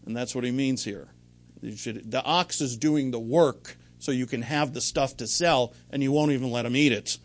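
A man's voice: mid-range voice, normal speed. A middle-aged man preaching a sermon in a conversational, rambling way, full of anecdotes and restarts. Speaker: pastor.

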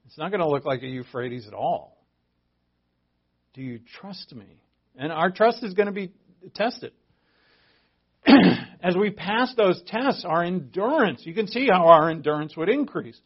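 A man preaching a casual sermon as pastor, talking in a conversational, emphatic way with asides and restarts. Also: on the high side. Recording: dull lo-fi audio.

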